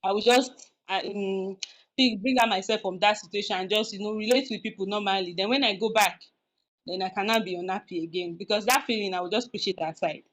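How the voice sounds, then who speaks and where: A woman's voice: medium pitch, brisk, dull audio. Frank, chatty woman podcast host. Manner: frank, confessional, with many restarts and fillers. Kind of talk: casual advice talk.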